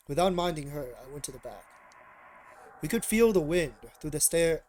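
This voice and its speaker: Male streamer reading a visual novel aloud, rambly and restarting, slightly high voice, noisy background. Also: normal speed. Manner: rambling, hesitant asides with many restarts. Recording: steady background noise.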